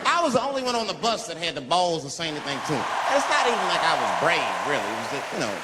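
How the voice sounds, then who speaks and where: A man's voice: a little high, fast talker. A man doing a stand-up routine, telling a story with heavy profanity and acting out the people in it. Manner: animated storytelling, acting out characters in many voices, heavy profanity. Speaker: stand-up comedian. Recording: live venue with crowd noise. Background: audience laughter.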